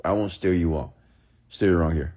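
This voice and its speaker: A man live-streaming a blunt, preachy rant to viewers, swinging between loud outbursts and low asides. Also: moderate pace.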